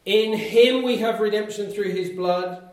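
A man's voice: high voice, measured pace, far from the mic. A man preaching a sermon to a congregation in a church hall, making emphatic numbered points and asking rhetorical questions. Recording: very echoey hall, picked up from afar.

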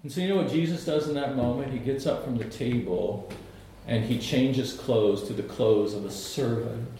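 Middle-aged preacher in an echoey hall. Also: male voice, mid-range voice, normal speed, a little hiss or hum. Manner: animated storytelling with humor and asides. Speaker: pastor. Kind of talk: sermon.

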